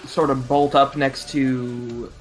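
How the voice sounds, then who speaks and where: A man's voice: mid-range voice, flat delivery, takes it slowly, faint music behind. A young man playing a tabletop game, talking hesitantly and apologetically. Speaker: player. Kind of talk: casual chat in a tabletop game.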